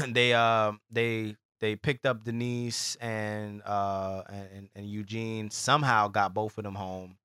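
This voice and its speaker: Bright-voiced man recapping casually. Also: on the low side, slow pace, hardly any pauses, clean tone, no echo, clean studio sound. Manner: relaxed, profane, talks over his co-host. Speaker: podcast co-host.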